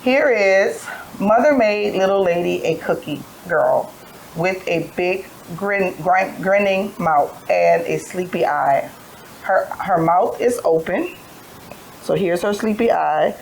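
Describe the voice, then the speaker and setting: A tired woman leads a preschool phonics lesson, speaking very slowly and patiently in a lowish voice. She tells little letter stories and models each sound for children to repeat. A faint hiss sits under the recording. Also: vocal fry, darkish tone, poor audio. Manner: slow, patient sing-song storytelling with letter sounds. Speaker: preschool teacher.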